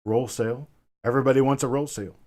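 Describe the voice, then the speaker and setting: A man's voice: mid-range voice, fairly even intonation, fast talker, darkish tone. A middle-aged man runs a live coin auction stream and keeps up easy, casual chatter with his viewers. He reads out names from the chat and answers each one directly, calling them brother. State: a bit winded.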